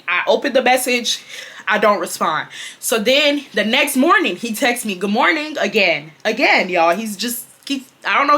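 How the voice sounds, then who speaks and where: A woman's voice: fairly high pitch, pushed and bright. A woman in her twenties from Houston, Texas, telling a dramatic storytime to her viewers, swearing freely and calling them y'all. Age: 20s. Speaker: storytime vlogger. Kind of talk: casual storytelling to camera.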